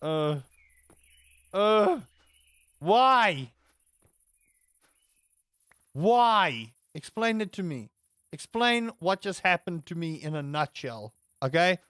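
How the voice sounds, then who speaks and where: High-voiced excitable young man gaming. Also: moderate pace, clear, resonant tone, no echo, clean studio sound. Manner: excitable, yelling and swearing at enemies. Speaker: gaming channel host. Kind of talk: let's play commentary.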